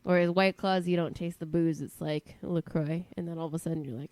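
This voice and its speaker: A woman's voice: on the low side, steady tone, brisk, darkish tone, no echo. Stuffy-nosed woman chatting casually. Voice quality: nasal. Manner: chatty, laughs easily, many restarts. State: stuffy nose from a cold. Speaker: podcast co-host. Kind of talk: casual chat.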